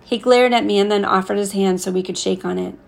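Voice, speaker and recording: A woman narrating a novel chapter as an audiobook, with a gravelly edge and voicing the dialogue herself. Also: medium pitch, steady tone, fast talker, darkish tone. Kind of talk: scripted narration.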